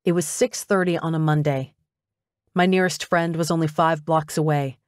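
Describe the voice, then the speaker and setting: Low-voiced woman narrating an audiobook. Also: fairly even intonation, moderate pace, no room sound, studio quality. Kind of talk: first-person audiobook narration.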